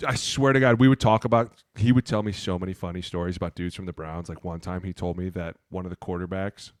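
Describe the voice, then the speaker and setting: A man from Ohio, a former offensive lineman co-hosting a podcast, telling profane, animated locker-room stories. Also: low voice, fast, no echo, studio quality. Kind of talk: casual chat.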